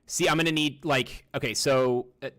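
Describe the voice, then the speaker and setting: A man's voice: medium pitch, fairly even intonation, moderate pace, a bit bright. A man streaming live, chatting casually with his viewers in a rambling, profane way and talking to himself while he browses.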